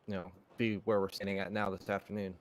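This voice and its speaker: A man at an in-game memorial, speaking haltingly and heartfelt, stumbling over words. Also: low voice, flat delivery. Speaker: gamer at a memorial. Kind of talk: casual gaming chat.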